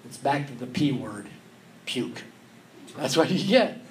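Animated man preaching a sermon. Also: medium pitch, a little slow, reverberant, far from the mic, a little hiss or hum. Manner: animated preaching, reads scripture aloud with emphasis. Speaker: pastor.

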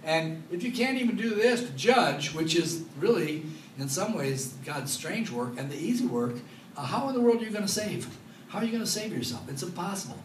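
A male pastor teaching through scripture, animated and playful with his congregation. His voice sits a little high for a man. He is picked up from a distance in a roomy, echoing hall with faint ambience behind him. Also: fairly quick, slight background noise. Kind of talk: expository Bible teaching. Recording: echoey room, mic at a distance.

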